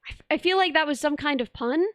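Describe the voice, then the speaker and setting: A woman's voice: high voice, fast talker, no echo, studio quality. A young woman streamer in casual live chat, reading viewer messages and rambling with many restarts.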